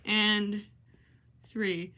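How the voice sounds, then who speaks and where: A chatty woman with a Minnesotan accent hosts a relaxed livestream from her home. Her voice is bright and crisp, set at an ordinary middle pitch. She talks to viewers casually, reads their comments aloud and keeps apologizing with a self-deprecating air. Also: very slow. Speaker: livestream host. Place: home, indoors.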